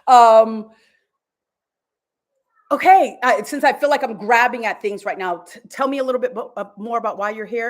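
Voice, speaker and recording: A woman's voice: a little high, normal speed, pauses often. A woman doing live psychic energy readings, casual and soothing, calling her caller sweetheart and leading guided visualizations. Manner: swears casually. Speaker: psychic reader.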